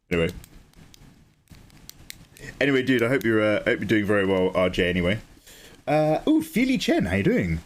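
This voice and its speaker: A man chatting casually with viewers while he draws on a livestream, getting excited, swearing freely and thanking people by name. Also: lowish voice, moderate pace, long pauses. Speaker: livestreaming artist.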